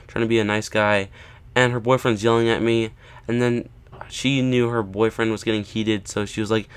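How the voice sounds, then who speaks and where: A man's voice: on the low side, fairly even intonation, fast, fairly bright tone, clear, resonant tone. A man casually telling a story to camera, often checking in with "right?" and "okay?" and acting out what people said. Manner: acts out quoted lines with rising emphasis. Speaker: vlogger.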